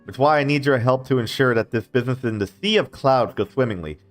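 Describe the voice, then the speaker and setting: A man's voice: mid-range voice, fast, soft background music, pitched above the performer's own voice, lightly acted. A man voicing a pompous, spoiled young nobleman, the second son, in a hammy affected posh drawl. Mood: grandiose.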